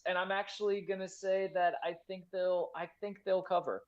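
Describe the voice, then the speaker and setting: A man's voice: sits high, flat delivery, normal speed. Rambling man with a dull lo-fi sound. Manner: rambling, fills with "like". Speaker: podcast co-host. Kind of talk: casual sports chat.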